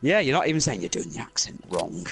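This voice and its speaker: A man's voice: mid-range voice, sing-song, fast, gravelly. A young Scottish man doing rowdy, sweary let's-play commentary, laughing often. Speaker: gaming YouTuber.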